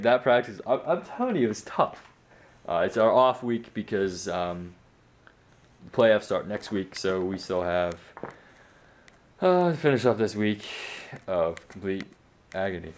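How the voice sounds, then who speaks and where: Teen guy rambling on his vlog, tired after practice, lots of ums, keeps calling himself bad. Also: medium pitch. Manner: rambling, self-mocking, many fillers. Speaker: vlogger. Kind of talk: casual vlog chat.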